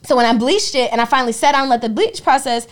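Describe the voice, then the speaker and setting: A young adult woman co-hosting a podcast, telling stories in a lively, profane, casual way. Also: high-pitched, quick pace. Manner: animated, profane storytelling. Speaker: podcast co-host. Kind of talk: casual chat.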